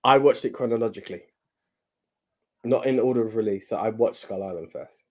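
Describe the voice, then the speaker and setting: A man's voice: lowish voice, brisk. A man co-hosting a movie podcast in casual chat, hesitant and often repeating words. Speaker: podcast co-host.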